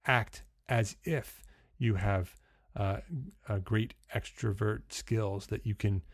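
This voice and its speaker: A man's voice: lowish voice, steady tone, slow pace, creaky, no echo. A man from New Jersey with a New Jersey accent, hosting an unscripted instructional talk into a studio microphone, with many fillers and restarts. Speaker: host.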